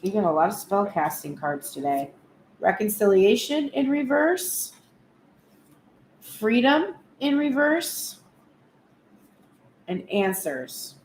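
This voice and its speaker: A woman giving a frank, animated tarot reading in a casual spoken style, swearing now and then. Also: medium pitch, slow, long pauses, echoey room, slight background noise. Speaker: tarot reader.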